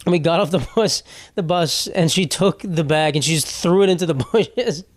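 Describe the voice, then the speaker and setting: A man's voice: on the high side, moderate pace, no room sound, studio quality. Profane, rambling young man hosting a podcast. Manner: rambling, profane, laughs while talking. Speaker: podcast host. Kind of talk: casual solo podcast, reading posts aloud.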